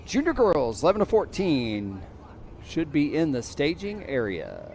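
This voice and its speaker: Lively male race announcer outdoors. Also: on the high side, a little hiss or hum. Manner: lively, rapid event announcing. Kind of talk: live race announcing over a PA. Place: outdoors at a bike race venue.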